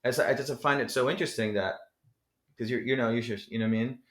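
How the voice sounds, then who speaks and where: A man's voice: mid-range voice, quick pace. A man from New Jersey talking as a podcast guest, rambling and profane, packing his talk with "you know". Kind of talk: casual interview chat. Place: podcast studio. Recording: roomy echo.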